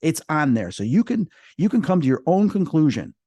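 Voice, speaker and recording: A middle-aged man, a paranormal investigator, talking as a podcast guest in a casual storytelling way, animated and lively. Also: on the high side, fairly quick, dry recording. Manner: animated, acts out quoted voices.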